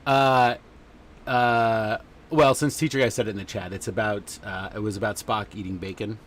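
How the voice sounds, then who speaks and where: A man's voice: lowish voice, steady tone, normal speed, slight background noise. A man hosting a casual livestream chat, rambling along with lots of fillers. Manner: rambling and chatty, many fillers. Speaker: podcast host.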